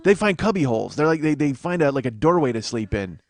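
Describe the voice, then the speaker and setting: Here a man talks fast and very animatedly in a fairly high voice, recorded dry. He's hosting a comedy podcast, spinning a long, meandering tale full of profanity and jokes at his own expense.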